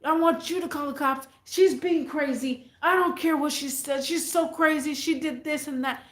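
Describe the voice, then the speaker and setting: A woman acting out an angry man who loudly and repeatedly demands that someone call the police. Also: sits high, moderate pace, roomy sound, voice pushed up. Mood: angry, insistent. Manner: loud, insistent, repetitive.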